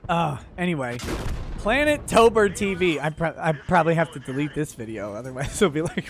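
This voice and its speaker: A high-voiced man rants loudly and laughs often as he reads out viewer messages on a game stream. He swings from shouting to muttering. A faint hum sits behind him. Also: animated, fairly quick. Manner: loud, laughing, exaggerated rants. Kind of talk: casual ranting commentary while gaming.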